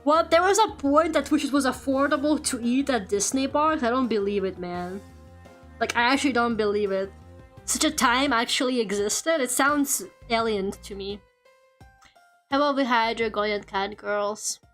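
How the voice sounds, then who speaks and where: A woman's voice: fairly high pitch, normal speed, a bit bright, soft background music. A woman chatting casually on her livestream, laughing often and swearing freely. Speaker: streamer.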